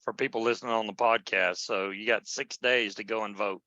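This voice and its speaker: A wisecracking man from Utah on a podcast panel, trading quick jokes. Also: fairly low pitch, fairly even intonation, creaky, sharp tone, no room sound, lo-fi sound. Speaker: panel member.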